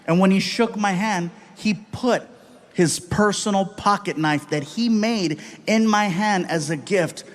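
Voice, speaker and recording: A man doing stand-up, telling stories in an animated way and acting out characters. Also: high voice, measured pace. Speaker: stand-up comedian. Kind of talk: stand-up storytelling.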